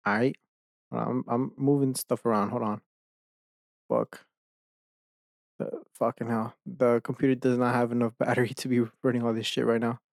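A man at his home desk talks into a close microphone in a loose, unscripted podcast ramble. His voice sits in an ordinary middle pitch and sounds dry and close, with no room around it. He curses casually and breaks into laughs between words. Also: little pitch movement, moderate pace, vocal fry, long pauses, no room sound. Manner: rambling, swears often, laughs mid-sentence. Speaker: podcast host. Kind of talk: casual solo podcast chat.

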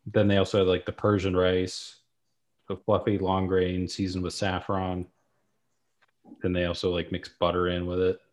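A man with a very deep voice co-hosts a casual podcast. He recaps in a relaxed, filler-heavy way. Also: moderate pace. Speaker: podcast co-host. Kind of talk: casual chat.

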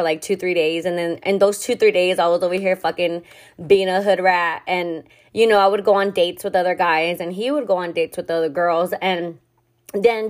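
A young woman hosting a podcast, telling a personal story in a candid, confessional way, swearing often and filling her talk with "like.". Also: fairly low pitch. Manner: candid, heavy swearing and filler "like". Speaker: podcast host.

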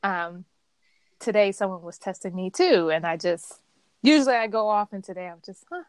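A woman hosting a podcast, in a relaxed, chatty conversational manner. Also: mid-range voice, moderate pace, smooth, no room sound. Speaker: podcast host. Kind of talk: casual chat.

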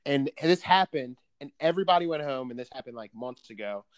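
A man in a loose, animated conversational style, piling on clauses and restarting sentences as he goes, with casual swearing throughout. His voice sits at an ordinary middle pitch for a man. The sound is dry and close, with no room echo. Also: fairly quick. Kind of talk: casual chat, storytelling.

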